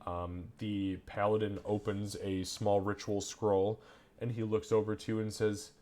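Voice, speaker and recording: A man's voice: lowish voice, level tone, measured pace, warm tone. A man narrating a tabletop game as game master, casual and swearing.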